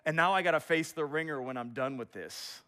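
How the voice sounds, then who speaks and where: Male pastor, sermon, lively self-deprecating storyteller, fairly high voice. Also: fairly quick.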